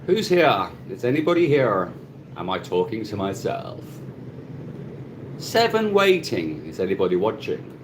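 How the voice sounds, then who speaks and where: A middle-aged man in Cebu, Philippines, runs a casual live stream from his phone, his fairly low voice very animated and unhurried over background noise. He chats, greets viewers by name, and laughs often.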